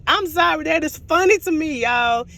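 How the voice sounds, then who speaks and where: High-voiced woman, giggly TV recap. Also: moderate pace, creaky, a little hiss or hum. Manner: giggly, keeps laughing and apologizing; animated storytelling, acts out quotes. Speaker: TV show reviewer. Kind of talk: casual recap vlog.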